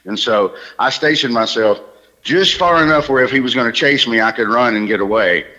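A man from Alabama with a Southern accent softened by years in New York, a stand-up comedian telling a story on a radio phone-in, animated and full of quick restarts. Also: mid-range voice, lo-fi sound. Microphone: phone line.

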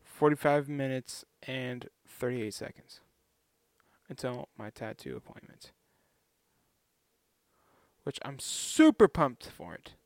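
A man's voice: mid-range voice, takes it slowly, pauses often, no echo. A young man vlogging in a casual, rambling way, chatty and self-deprecating.

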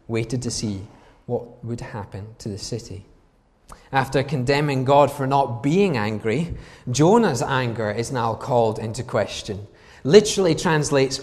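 A man's voice: mid-range voice, darkish tone. A man preaching a sermon in an emphatic way, asking the congregation rhetorical questions. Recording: long reverb from a large hall.

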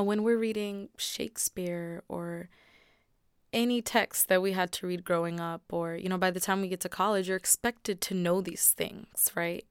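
A woman with a fairly low, smooth and resonant voice reads her own poetry. Between poems she talks in a loose, conversational way before settling back into rhythmic recitation. The recording is close and dry, with no room sound. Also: no room sound. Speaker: poet. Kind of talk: poetry reading with spoken commentary.

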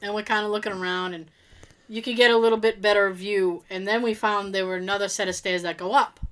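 Woman podcast co-host, bright tone, lively storyteller who quotes people. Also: medium pitch, fast. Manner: animated, laughing, acts out quotes. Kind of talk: casual storytelling chat.

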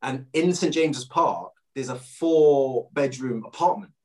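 A man's voice: mid-range voice, measured pace, a little mellow. A man, a former footballer telling a story in a casual interview, full of fillers and quoted dialogue.

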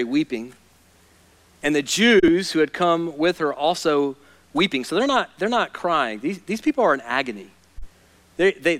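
A male pastor preaching a sermon, moving between hushed, intense passages and loud, fired-up ones. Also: fairly high pitch.

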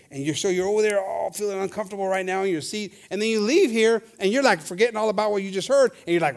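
A man preaching a bilingual sermon, reading scripture slowly and acting out the voices of his listeners. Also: high voice, creaky. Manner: switches between Spanish and English, reads scripture slowly; acts out congregants' voices, animated. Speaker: pastor.

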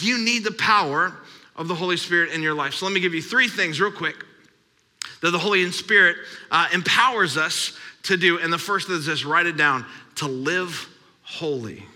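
Very bright-voiced preaching man, reverberant hall. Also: sits high, moderate pace. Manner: preaching, emphatic, repetitive. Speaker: pastor. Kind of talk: sermon.

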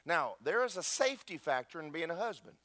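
Animated man preaching a sermon. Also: a little high, a little fast, no room sound. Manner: animated, joking storyteller addressing the congregation. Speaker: pastor. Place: church.

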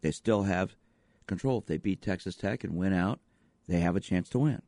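Low-voiced sports psychologist, radio host. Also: male voice, normal speed, mellow, no echo, studio quality. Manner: rhetorical questions, emphatic repetition. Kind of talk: radio talk monologue.

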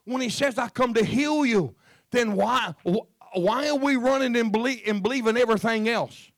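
Fervent preacher man, gravelly. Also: very high voice, moderate pace, dry recording, clean studio sound. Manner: fervent, emphatic, repeats phrases. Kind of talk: Pentecostal sermon.

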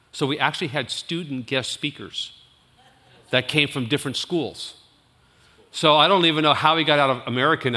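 Pastor guy telling a story from the pulpit, super bright tone, rambles and restarts a lot, big hall echo. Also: mid-range voice. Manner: animated, rambling with restarts and laughs. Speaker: youth pastor. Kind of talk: storytelling sermon.

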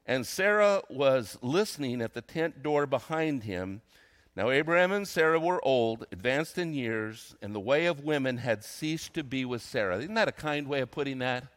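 An older man, a retired senior pastor, preaching a sermon, reading scripture slowly and acting out quotes between casual comments. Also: mid-range voice, lively intonation, fairly bright tone. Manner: reads scripture slowly, then comments conversationally with dramatized quotes.

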